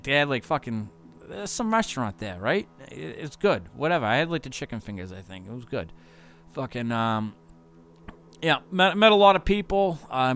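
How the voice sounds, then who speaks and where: A man recapping his tour days in a loose, wandering ramble, swearing every few words and filling gaps with "uh" and "like". His voice sits at an ordinary middle pitch, unhurried and offhand. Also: vocal fry, a bit bright, slight background noise. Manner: loose, profane, rambling with constant fillers. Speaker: touring musician.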